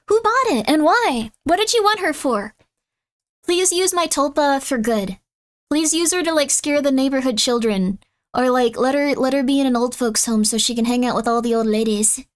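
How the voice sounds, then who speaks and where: In a high voice, a woman streamer talks casually with her live chat. She's excitable and pretends to be outraged, bouncing from loud bursts to quiet grumbles.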